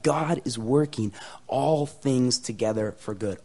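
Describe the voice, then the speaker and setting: A young American man preaching a sermon, joking with the crowd, swinging between loud proclamations and hushed near-whispers. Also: mid-range voice, slow. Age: young adult. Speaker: pastor. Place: church hall with a live audience.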